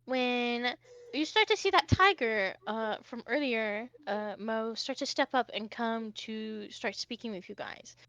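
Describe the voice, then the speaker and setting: A woman's voice: a little high, a little slow, fairly bright tone, no echo. A woman as game master, narrating a live-streamed tabletop game casually with many fillers. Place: home streaming setup.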